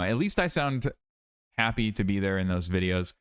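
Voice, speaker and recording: A man's voice: on the low side, animated, moderate pace, a bit bright, smooth. A tired young man rambling in a casual vlog monologue, self-critical and repeating himself. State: tired, worn out. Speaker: YouTuber.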